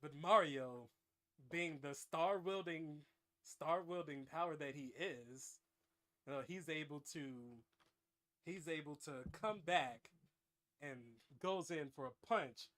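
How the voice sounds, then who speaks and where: A man hosting a show, improvising a comic story with dramatic narration and an animated delivery. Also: fairly high pitch, slow. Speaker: host.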